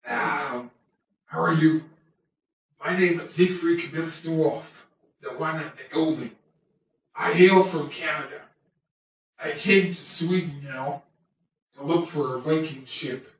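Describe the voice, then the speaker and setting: A man's voice: fairly high pitch, slow, pauses often. A man voicing a chatty male toy wolf who tells his life story in a rambling, self-mocking way, as a homemade comic monologue. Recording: very echoey room, voice far from mic.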